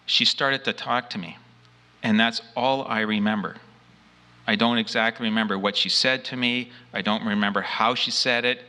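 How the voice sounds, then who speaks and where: A man's voice: lowish voice, pushed and bright. A man giving an emphatic first-person account of a frightening experience, acting out what he said at the time. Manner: earnest, emphatic storytelling; acts out his own quoted lines. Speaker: abduction experiencer.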